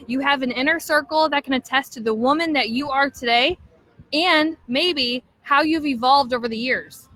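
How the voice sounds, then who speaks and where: A woman's voice: sits high, sharp tone, dry recording, poor audio. A woman in her thirties giving an emphatic motivational talk to her sales team, often checking in with "okay?" and "right?".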